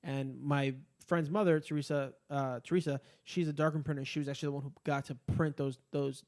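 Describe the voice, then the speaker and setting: A man's voice: fairly high pitch, brisk. A man co-hosting a podcast in casual chat, swearing freely and rambling with fillers. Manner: profane, rambling, animated ranting. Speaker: podcast co-host.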